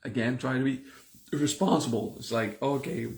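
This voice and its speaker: A man's voice: mid-range voice, normal speed, darkish tone. A man teaching a spiritual class in a conversational way, repeating himself and restarting his sentences. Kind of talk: live-streamed class talk.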